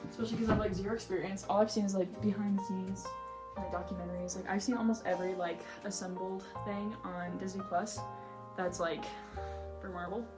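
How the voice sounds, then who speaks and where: A woman's voice: medium pitch, fairly even intonation, fairly quick. A young woman vlogger chatting casually and with strong opinions, filling her talk with "like", while she reorganizes a bookshelf at home. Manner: chatty, heavy use of "like", opinionated rants. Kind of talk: casual chat. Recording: roomy echo, faint music behind.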